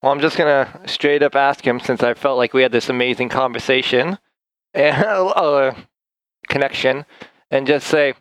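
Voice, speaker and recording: A man's voice: medium pitch, unhurried, a bit bright, no room sound, rough recording. A man playing a tabletop role-playing game, casual and laughing often. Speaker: player.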